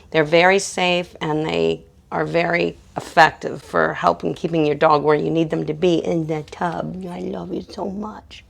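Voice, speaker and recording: A professional pet groomer, a woman, explaining dog grooming in a calm teaching manner and coaxing the dog softly. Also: lowish voice, creaky. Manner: calm instructive talk to viewers, soft coaxing to the dog.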